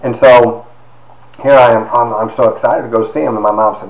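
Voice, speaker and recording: A man in his fifties from Ohio, telling a personal story in an animated way with lots of quoted dialogue and fillers. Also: mid-range voice, a little fast. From Ohio, USA. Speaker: podcast host and author. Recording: echoey room with faint background noise.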